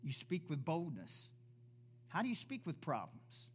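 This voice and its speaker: A man delivers a sermon at a church service, his voice sitting a little higher than most men's. He preaches emphatically, stacking rhetorical questions and answering them himself. He slips into other voices to act out the people he quotes. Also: huge pitch swings, measured pace, slightly rough.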